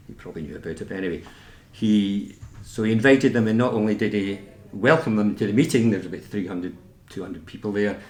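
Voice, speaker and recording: A man's voice: fairly low pitch, a little mellow. Scottish man telling stories in an echoey room. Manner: anecdotal, chatty, many restarts. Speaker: nurse giving a talk. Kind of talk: informal talk with slides. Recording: echoey meeting room, faint noise.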